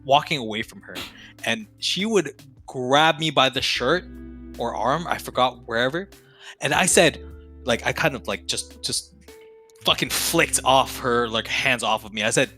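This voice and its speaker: Young guy ranting thru a school story, bright punchy voice, swears a lot, faint music behind. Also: mid-range voice. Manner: animated, swears often, laughs mid-story. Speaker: podcast guest. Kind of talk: casual storytelling.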